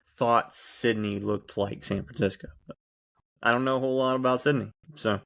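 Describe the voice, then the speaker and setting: A man's voice: medium pitch, fairly even intonation, moderate pace, gravelly, a bit bright. A man co-hosting a running podcast, chatting casually in an easygoing, joking way. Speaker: podcast co-host. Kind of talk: casual chat.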